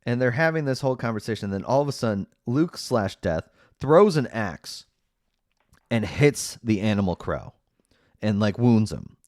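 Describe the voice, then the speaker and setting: Man, podcast host, low voice, dry close sound, rambling casual recap, lots of fillers, sarcastic asides. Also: big pitch swings, moderate pace, a little mellow, no room sound.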